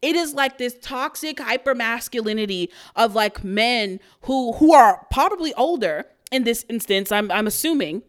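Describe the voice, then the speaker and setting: A woman's voice: a little high, expressive, moderate pace, hardly any pauses. Blunt, profane woman podcast host. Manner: blunt and profane, bursts into loud outrage. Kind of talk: casual storytelling rant.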